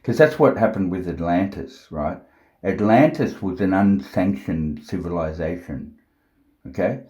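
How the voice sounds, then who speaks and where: A man talking slowly to camera at home, thinking aloud with many fillers and restarts, blunt and sometimes profane. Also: low-pitched, lively intonation, darkish tone, echoey room. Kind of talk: unscripted monologue to camera.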